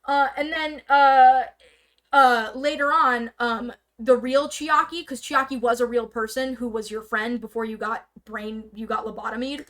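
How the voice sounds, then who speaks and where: A woman casually explaining a story on a live stream, rambling with lots of fillers and sudden bursts of fast talk. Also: a little high, steady tone, a bit bright. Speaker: stream guest presenting slides. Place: streaming setup indoors.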